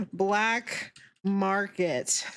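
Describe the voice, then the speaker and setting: A woman's voice: medium pitch, a bit bright, breathy edge. Giggly, foul-mouthed young woman streamer. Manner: giggly, profane, reacting to chat. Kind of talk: casual live-stream chat.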